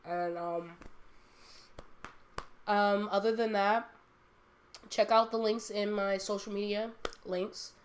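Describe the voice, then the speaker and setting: A woman's voice: mid-range voice, fairly even intonation, slow pace, pauses often, a little hiss or hum. A young woman hosting a casual podcast chat, rambling and laughing often. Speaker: streamer and podcast host.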